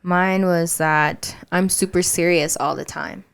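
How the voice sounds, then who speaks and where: A woman's voice: lowish voice, a little slow, creaky, clean tone. A young woman co-hosting a podcast, telling stories in casual chat with frequent laughter. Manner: animated storytelling with frequent laughs. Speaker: podcast co-host.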